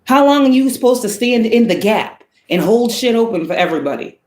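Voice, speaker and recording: A woman's voice: fairly high pitch, expressive, a little fast, darkish tone, roomy sound. A woman giving a spiritual tarot reading to viewers, talking in a blunt, profane, preaching way and firing off rhetorical questions. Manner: asks the listener many rhetorical questions. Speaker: spiritual reader.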